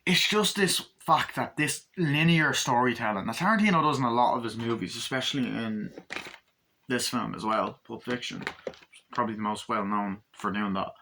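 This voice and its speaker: A man giving a casual movie review, excited, swearing a lot and acting out scenes as he goes. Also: mid-range voice, normal speed, background noise. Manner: excited, profane, acts out scenes.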